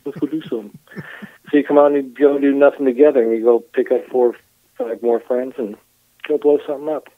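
A man's voice: medium pitch, steady tone, a little fast, no echo. A middle-aged man from Michigan tells stories with a wry, joking edge. He speaks in a mid-range voice over a tinny phone line with a dry sound. His talk is loose and casual, like a guest in a chat.

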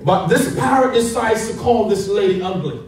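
A man preaching a sermon, telling a funny story in an animated, playful way. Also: high voice, moderate pace. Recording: echoey hall heard from a distance.

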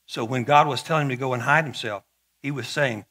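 A man's voice: medium pitch, brisk, sharp tone. A middle-aged male pastor preaching a sermon in a conversational way, with joking asides and frequent repeated words.

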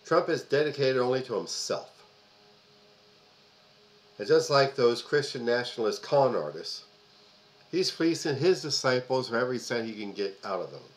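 Man, commentary host, emphatic monologue, repeats for stress, filler words, mid pitch. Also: animated, moderate pace, long pauses, rough recording. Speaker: host of a political commentary video. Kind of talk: opinion monologue to camera.

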